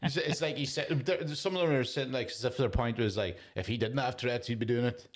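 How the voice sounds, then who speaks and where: A man co-hosting a comedy podcast, talking in a sweary, animated way and laughing often. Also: mid-range voice, quick pace. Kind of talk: casual chat.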